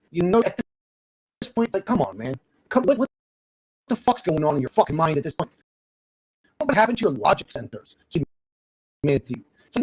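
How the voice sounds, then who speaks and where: A young man hosting a livestream from a dark bedroom, talking to his chat in a rambling, profane rant that flares into angry outbursts. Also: on the high side, breathy edge, no room sound, poor audio. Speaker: livestream host. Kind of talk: casual ranting talk to chat.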